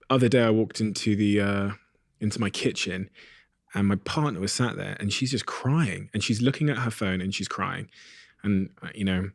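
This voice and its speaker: A man's voice: fairly low pitch, no room sound, clean studio sound. Nadenkende man met een lage, droge stem. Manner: thoughtful, halting, searching for words. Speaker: podcast host. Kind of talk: reflective interview questions.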